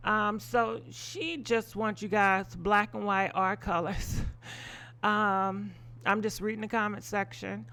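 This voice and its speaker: A woman's voice: medium pitch, fairly even intonation, slow pace, a bit bright. A woman hosting a live gossip stream, giving blunt, opinionated commentary full of swearing and rambling asides. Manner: rambling with frequent ums and asides. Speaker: gossip show host.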